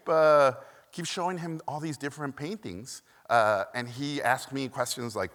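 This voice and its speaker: The keynote speaker, a man from Mexico, has a medium-pitched, slightly bright voice and a moderate pace. He tells animated stories packed with "uh" fillers and dramatized quotes. The sound comes from a stage mic in a large, reverberant hall.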